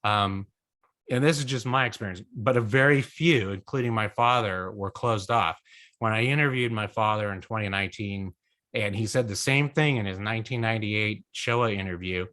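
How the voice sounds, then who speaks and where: A middle-aged man, son of a survivor, answering questions in an online talk in an earnest, measured, reflective way. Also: on the low side, pushed and bright. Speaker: guest speaker, son of a survivor.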